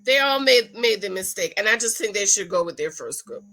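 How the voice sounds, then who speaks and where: A woman hosting a casual reality show recap, gossipy and animated, slipping into quick impressions of the cast. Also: medium pitch.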